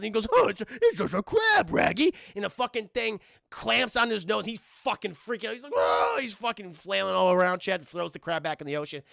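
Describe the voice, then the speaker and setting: Excitable, gravelly man streaming to chat. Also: high-pitched, no room sound, clean studio sound. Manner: profane, excitable, joking. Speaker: streamer reviewing cartoons. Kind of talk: live-stream commentary to chat.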